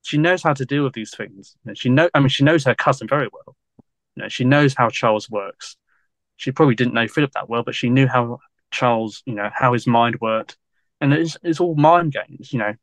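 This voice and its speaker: A man chatting as a guest historian on a podcast, rambling along with endless "you know"s and easy laughter. His pitch sits in an ordinary middle range, and the sound is dry and close with no room echo. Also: fairly quick. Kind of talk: casual podcast interview.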